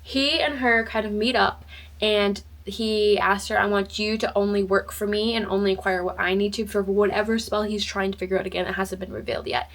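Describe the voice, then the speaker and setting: Young female vlogger, mid-pitched, chatty and rambling, casual and upbeat. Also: fairly even intonation, a little fast. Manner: bubbly, rambling, many "like"s and restarts. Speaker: book vlogger. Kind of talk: casual chat.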